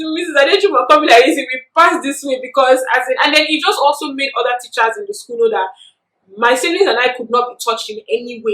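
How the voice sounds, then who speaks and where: A young woman with a Nigerian accent telling a story in a chatty, animated vlog, filling her talk with "you know". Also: high voice. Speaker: vlogger. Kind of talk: casual storytelling. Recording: echoey room.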